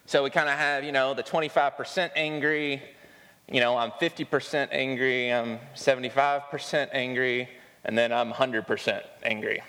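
A man's voice: mid-range voice, steady tone, moderate pace, bright, forceful tone, smooth, long reverb tail. A man preaching a sermon in a conversational style, with light self-deprecating humor and quoted examples he acts out. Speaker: pastor. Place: church sanctuary.

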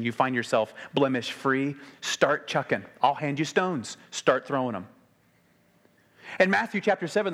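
A man preaching a sermon in a conversational way, slowing to quiet emphasis and then speeding up when animated. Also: mid-range voice. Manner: conversational, shifts between slow quiet emphasis and quick animated delivery.

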